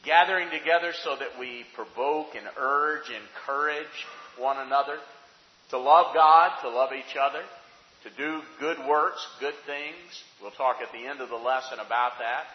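A man preaching an earnest sermon-style Bible lesson to his congregation, stressing points and sometimes restarting his sentences. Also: a little high. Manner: earnest, emphatic, with pauses and restarts. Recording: dull, roomy church hall audio.

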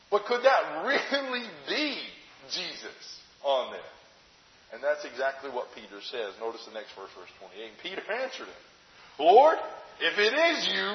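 A man preaching a sermon in a conversational way, asking rhetorical questions and acting out the story as he retells it. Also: fairly high pitch. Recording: echoey hall, dull lo-fi sound.

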